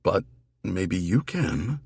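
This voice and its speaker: A dry, quick-witted female army investigator, as a male narrator puts her on. She is lifted a little above his own deep voice and speaks with a wry, matter-of-fact edge. Her lines lilt expressively instead of landing flat. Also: gravelly, husky, no room sound, heavily acted. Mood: earnest.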